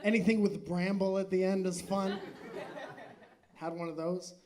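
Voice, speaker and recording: A man's voice: sits high, fairly even intonation, moderate pace, darkish tone. A man doing stand-up comedy crowd work on a live stage, joking loosely, swearing and laughing often. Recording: noisy live club recording.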